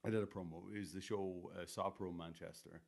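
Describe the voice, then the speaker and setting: A man's voice: low-pitched, steady tone, fairly quick, gravelly, darkish tone. A man co-hosting a podcast in casual, sweary, rambling chat, self-deprecating about his own wrestling.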